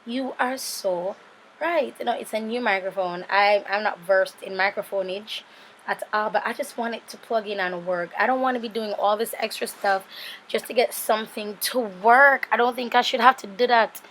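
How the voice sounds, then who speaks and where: A Jamaican woman in her thirties talks through a makeup tutorial as a casual voice-over, rambling from one aside to the next and checking in with viewers. She sounds tired and sleepy, her voice pitched at an ordinary middle height, with a faint hiss of noise underneath. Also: steady tone, moderate pace, a bit bright. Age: 30s. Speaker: beauty vlogger.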